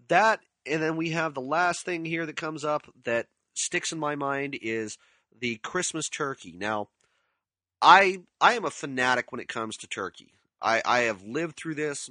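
A middle-aged man co-hosting a casual chat, retelling scenes with animated quotes and frequent laughter. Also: mid-range voice, no room sound. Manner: animated storyteller, acts out quotes; laughs often. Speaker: podcast co-host discussing a film.

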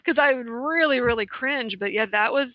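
A woman with a fairly high voice talks in casual podcast chat, candid and free with swear words. The sound is dry and close, with no room around her. The recording itself is dull and lo-fi. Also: moderate pace, dry recording. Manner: candid, swears freely, laughs while talking.

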